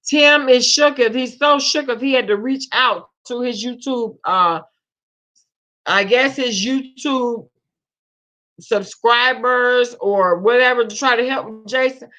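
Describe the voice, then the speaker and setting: Reading through her live stream chat, a woman talks slowly in a slightly high, sharp-toned voice, calling viewers "babe" and using Southern slang in a chatty way. The audio has a dull, lo-fi stream quality.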